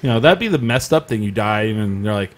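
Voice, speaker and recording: A man's voice: on the low side, lively intonation, brisk. Rambling joking male co-host. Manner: rambling, joking, restarts sentences. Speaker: podcast co-host. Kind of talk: casual chat.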